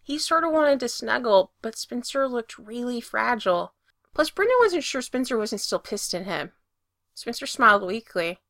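A woman with a bright, slightly high voice reads a story aloud at normal speed, her lively, expressive delivery swelling as the action intensifies. The recording is close and dry, without echo or room sound.

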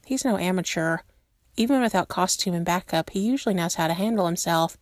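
A woman narrating a story aloud in a steady, measured way. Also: fairly low pitch, no room sound, studio quality. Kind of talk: reading fan fiction aloud.

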